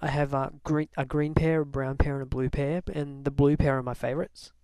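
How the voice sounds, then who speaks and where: A man chatting casually to camera as a vlogger, relaxed and full of fillers. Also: mid-range voice, brisk, smooth, dry recording.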